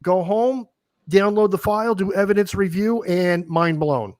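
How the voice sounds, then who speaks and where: A male host with a fairly high voice, recorded dry and close with no room sound. He chats eagerly with his guest, speaking in quick bursts and restarting his sentences. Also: a little mellow, no echo. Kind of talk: casual interview chat.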